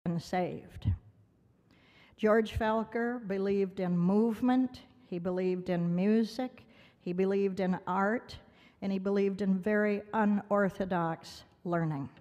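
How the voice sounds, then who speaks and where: A woman's voice: medium pitch, fairly even intonation, measured pace, dark tone. A woman giving a heartfelt award speech, telling a personal story dramatically and acting out the voices of others. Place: large gala banquet hall. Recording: long hall reverb from the speech venue.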